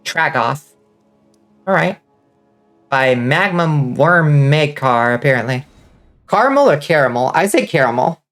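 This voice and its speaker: A woman's voice: deep voice, measured pace, long pauses, faint music behind. Lisping woman with subtle Southern accent. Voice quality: slight lisp on S sounds. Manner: clear enunciation, swears and laughs often. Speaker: vtuber streamer. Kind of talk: casual gaming commentary.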